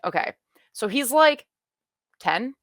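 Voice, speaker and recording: A woman in casual chat, reacting to a show she is watching for the first time, rambling and excitable, with many restarts. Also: a little high, takes it slowly, dry recording, clean studio sound.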